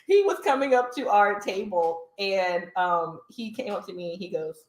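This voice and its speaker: A woman's voice: medium pitch, normal speed, roomy sound, rough recording. A woman podcast co-host telling school stories in casual chat, deadpanning her quotes of others. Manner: storytelling, mimics a flat dry voice for quotes.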